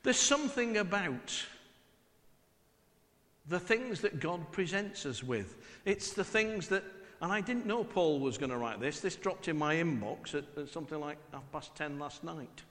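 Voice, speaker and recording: A man's voice: a little high, lively intonation, a little slow, fairly bright tone, in a large hall. A middle-aged man from northwest England with a northwest English accent, preaching a chatty, humorous sermon full of rhetorical questions.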